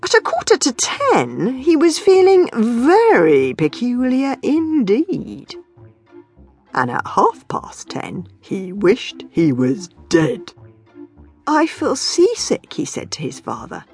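A woman reading her own children's book aloud, with a playful, expressive delivery and whispered asides. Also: on the high side, takes it slowly, faint music behind. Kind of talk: expressive storybook narration.

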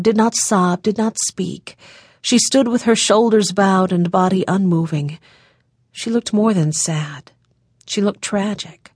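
A woman narrating an audiobook, reading in a measured, emotive storytelling manner on a close microphone. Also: fairly low pitch, darkish tone, dry recording. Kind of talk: scripted narration of a historical novel.

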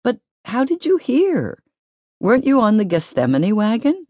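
A woman voicing a polite, spirited teenage girl singer in an audiobook, high and earnest. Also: wildly swooping pitch, normal speed, mellow, dry recording, muffled recording.

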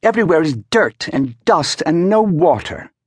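A man's voice: fairly high pitch, very animated, normal speed, slightly rough, no echo, voice pushed up. A man doing a glum, complaining valet. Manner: complaining, gloomy. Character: glum, grumbling male valet.

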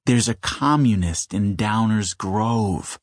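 A man voicing an excitable, imaginative young boy calling out to his friend. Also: fairly low pitch, slow pace, dry recording, studio quality. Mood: eager.

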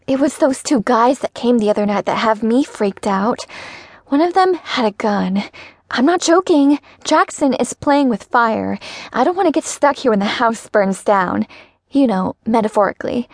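A woman's voice: fairly high pitch, lively intonation, dry recording, clean studio sound. A woman playing a nervous, rambling young woman. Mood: gossipy, uneasy. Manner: slow, rambling and sighing. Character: nervous, chatty young woman who sighs a lot.

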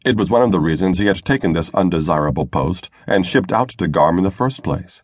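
Male audiobook narrator, very low, husky, measured delivery. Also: animated, dry recording, clean studio sound. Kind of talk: scripted narration.

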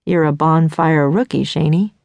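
A woman voicing a cocky teenage boy with an easy, playful, teasing way of talking, low and a little gravelly. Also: normal speed, a little mellow, no echo. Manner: teasing, laid-back drawl.

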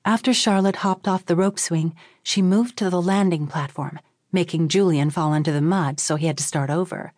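Woman narrator, children's audiobook, expressive storytelling, lowish voice, dry close sound. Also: normal speed, no room sound.

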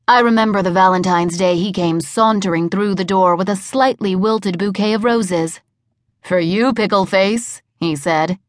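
A woman's voice: on the low side, no echo. A woman giving wry, comic first-person audiobook narration in a studio. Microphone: studio microphone.

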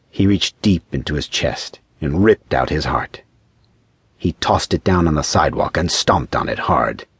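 A male audiobook narrator reads a scripted story in a very low, husky voice, keeping his delivery measured and even. The close mic makes the sound dry and dead, with no room or echo around it.

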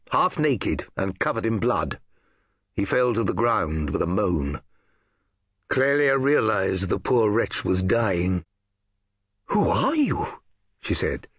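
A man narrating a historical novel audiobook in an expressive storytelling manner. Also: lowish voice, breathy edge, no room sound, clean studio sound.

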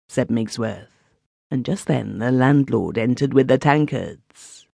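Slow, gravelly male audiobook narrator. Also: mid-range voice, a little mellow, dry recording. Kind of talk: scripted narration.

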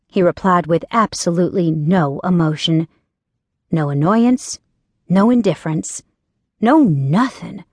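A woman's voice: on the low side, unhurried, a little mellow, husky, dry recording. A woman narrating a first-person audiobook in a wry, dry storytelling manner.

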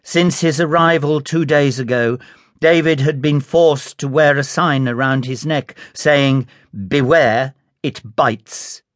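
A man narrating an audiobook in a measured, unhurried storytelling manner, recorded close in a studio. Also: a little high, steady tone, dry recording. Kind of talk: scripted narration.

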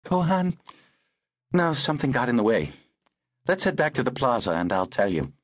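A man's voice: mid-range voice, sing-song, moderate pace, dry recording, clean studio sound, voice pushed up. A man reading the lines of a poised, wry older upper-class woman in an audiobook.

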